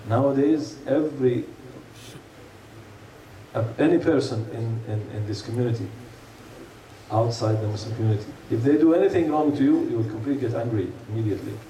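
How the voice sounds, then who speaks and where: A man's voice: medium pitch, a little fast, mellow. A man giving an earnest sermon, asking rhetorical questions and telling stories to a congregation. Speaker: preacher. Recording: echoey room, mic far off, faint hum.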